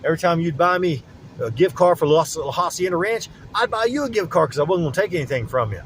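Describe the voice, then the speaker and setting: A man's voice: fairly high pitch, animated, fast talker, slight background noise, rough recording. A man, rambling and agitated as he talks to the camera from his car, repeating himself. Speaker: vlogger. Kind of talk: rambling monologue while driving. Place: in a car on city streets.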